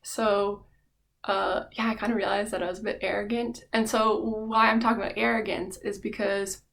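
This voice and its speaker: A woman's voice: mid-range voice, level tone, normal speed, gravelly, a bit bright. A young adult woman vlogging, talking in a rambling, candid way with many fillers. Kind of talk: casual reflective monologue.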